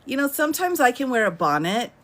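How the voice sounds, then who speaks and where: A woman's voice: high-pitched, sing-song, fast talker, fairly bright tone. A woman in her thirties hosting a casual live stream from home, chatting and laughing often as she answers viewer comments. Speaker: livestream host.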